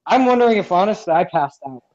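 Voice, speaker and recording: Man, casual rambling storyteller, slightly high voice, dull lo-fi recording. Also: expressive, fast talker, darkish tone. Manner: rambling, many restarts and fillers. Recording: dull lo-fi sound.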